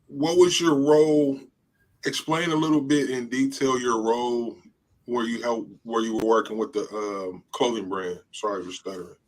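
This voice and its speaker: A man's voice: mid-range voice, level tone, normal speed. A man co-hosting a podcast, laid-back and casual, often saying "man". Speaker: podcast co-host.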